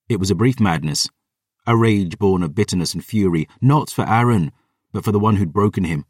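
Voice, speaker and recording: A man narrating a first-person fantasy audiobook with dramatic intensity. His voice sits on the low side. The recording is dry, with the mic a little distant. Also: a little fast, breathy edge, no room sound.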